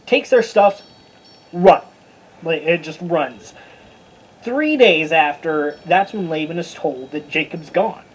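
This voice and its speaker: A Bible study teacher giving a casual, informal lesson, chatty and stumbling over hard names, with a husky voice. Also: mid-range voice, lively intonation, measured pace, slight background noise, poor audio.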